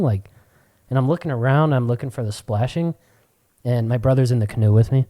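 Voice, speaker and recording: A young man co-hosting a podcast, telling stories in casual chat with a lot of swearing and sudden high-pitched quoted voices. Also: a little fast, warm tone. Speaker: podcast co-host.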